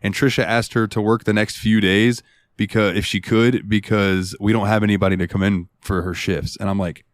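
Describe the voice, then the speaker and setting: A man's voice: fairly low pitch, level tone, moderate pace, no room sound. A man co-hosting a gaming podcast, telling rambling, profane stories in casual chat. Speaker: podcast co-host.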